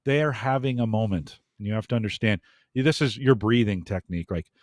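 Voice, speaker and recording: A man's voice: lowish voice, brisk, no room sound, clean studio sound. A man in a casual podcast talk, giving earnest coaching advice to podcasters.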